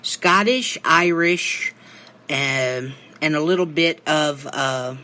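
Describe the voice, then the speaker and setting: Polite man host, bright voice. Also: on the high side, slow. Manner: polite, brief and affirming. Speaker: podcast host. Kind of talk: interview host.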